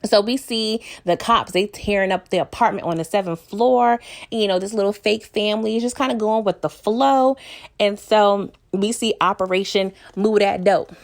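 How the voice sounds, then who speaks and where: A woman chatting casually to her viewers in an episode recap, animated and quick to laugh, leaping up in pitch as she acts out lines. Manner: animated, laughs often, jumps up in pitch when acting out lines; talks straight to viewers.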